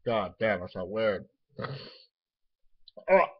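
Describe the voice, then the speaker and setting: A young man with a low, husky voice rambles offhandedly to his webcam at home, swearing as he goes. He is getting over a nosebleed, and the recording is dull and lo-fi. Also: sing-song, slow. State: recovering from a nosebleed, tastes blood. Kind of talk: casual rambling vlog.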